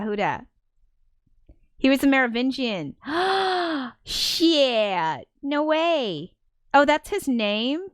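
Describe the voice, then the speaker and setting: A woman's voice: mid-range voice, dry recording, clean studio sound. A woman chatting casually on a live stream, rambling, giggling and self-deprecating. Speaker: streamer and musician.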